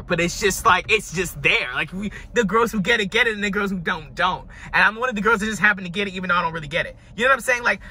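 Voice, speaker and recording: A man talking in a dramatic, gushing reaction vlog, his voice hoarse from screaming. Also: high-pitched, pushed and bright. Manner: dramatic, gushing, over-the-top. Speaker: music reviewer.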